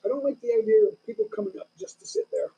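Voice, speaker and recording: A man's voice: extremely high pitch, sing-song, fast, gravelly, dark tone, muffled recording. A man in his sixties hosting a casual live stream from home, rambling loosely through stories with many restarts. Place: home in the Philippines.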